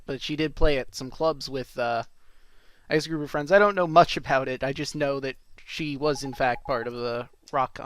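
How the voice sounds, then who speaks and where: Over gameplay, this let's play host keeps up a chatty stream of jokes, frequently stopping mid-sentence to self-correct. Their medium-pitched voice has a slightly bright quality and no echo.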